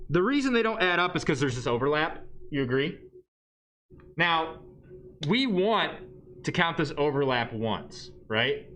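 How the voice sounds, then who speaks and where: A man's voice: on the high side, sharp tone. A man teaching a math lesson to his class in a chatty, joking way, often checking in with questions. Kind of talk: live-streamed classroom lesson.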